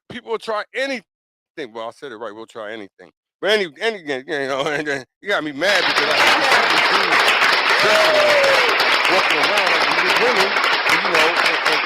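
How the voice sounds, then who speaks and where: A man hosting a podcast, giving his opinions in a blunt, repetitive, insistent way and often checking in with the listener. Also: on the high side. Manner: blunt, emphatic and repetitive, with frequent "you know what I'm saying". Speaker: podcast talk show host. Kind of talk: casual opinion monologue.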